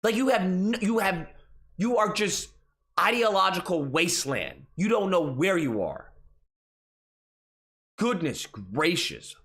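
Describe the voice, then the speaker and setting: Male commentary host, lively pitch, exasperated and profane, mocking tone. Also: slow, pauses often. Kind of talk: casual ranting commentary.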